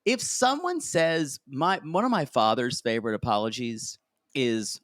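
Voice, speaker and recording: Catty podcast co-host, animated. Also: male voice, medium pitch, measured pace, dry recording, clean studio sound. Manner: catty, laughing, acts out quotes. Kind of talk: casual chat recapping reality TV.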